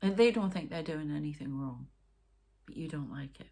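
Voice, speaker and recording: Geordie woman, tarot reader, rambling chatty delivery, slightly low voice. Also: normal speed, dark tone. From North East England. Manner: rambling, chatty, with asides and sighs. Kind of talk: casual psychic reading monologue.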